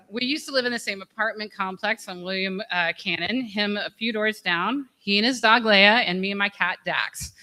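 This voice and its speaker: A woman's voice: medium pitch, pushed and bright. A woman giving a memorial speech, telling funny stories, laughing often and swearing candidly. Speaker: eulogy speaker. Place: memorial gathering.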